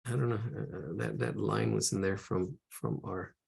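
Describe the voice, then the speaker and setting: Gravelly, husky-voiced man teaching drawing. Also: lowish voice, steady tone, normal speed, darkish tone. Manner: thinks aloud, rambling. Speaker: art instructor. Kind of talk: live drawing lesson.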